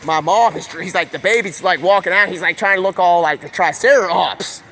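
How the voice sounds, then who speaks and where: A man streamer telling a rambling, improvised story, jumping into quick character voices. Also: high voice, sharp tone.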